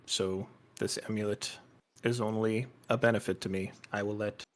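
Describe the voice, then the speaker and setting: A man playing a tabletop game, talking things through in a deliberate, thoughtful way. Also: fairly low pitch, level tone. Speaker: player.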